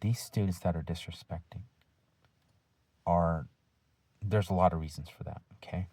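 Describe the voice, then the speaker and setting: A male teacher giving a deliberate, firm talk to his students, using rhetorical questions and pauses. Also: low-pitched, fairly even intonation, a little mellow, husky, no room sound. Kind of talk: lecture-style talk to students.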